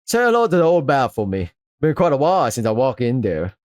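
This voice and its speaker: A man voicing a gruff, fatherly middle-aged male rooster who smokes with a rough, teasing drawl. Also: mid-range voice, huge pitch swings, brisk, a little mellow, no room sound, clean studio sound. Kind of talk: voiced visual novel reading.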